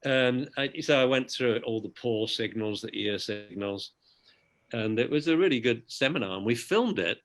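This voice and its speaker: A man's voice: medium pitch, normal speed, fairly bright tone. A man, a dog trainer guest on a video call, telling anecdotes casually and often adding "you know".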